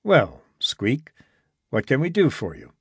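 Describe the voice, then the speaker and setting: A man reading the part of a calm, practical expedition leader with a solemn, dry humor, recorded close and dry. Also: mid-range voice, slow pace, slightly rough, dry recording, heavily acted. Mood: solemn teasing.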